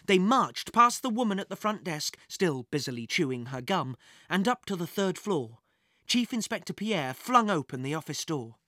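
Lively storybook narrator, bright and dry. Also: medium pitch, no room sound. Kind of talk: scripted children's adventure narration.

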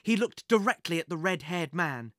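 A narrator reading a children's adventure story with lively, dramatic pacing. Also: mid-range voice, moderate pace, no room sound, clean studio sound.

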